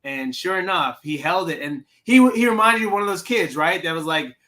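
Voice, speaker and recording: Man, co-host, bright forceful voice, pitched a bit high, animated storyteller. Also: brisk. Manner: animated, acts out scenes in voices. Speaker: podcast co-host. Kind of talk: casual movie review chat.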